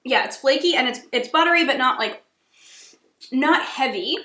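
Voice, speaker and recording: Bubbly Rhode Island woman, high voice. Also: animated, normal speed, bright, forceful tone. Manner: bubbly, giggly, gushing. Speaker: cooking channel host. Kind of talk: casual taste-test chat. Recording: echoey room.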